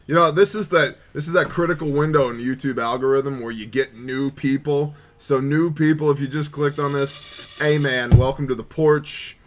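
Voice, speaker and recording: A man's voice: medium pitch, fairly even intonation, normal speed, few pauses. A man hosting a casual livestream chat, joking and bantering with his co-host. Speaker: podcast host.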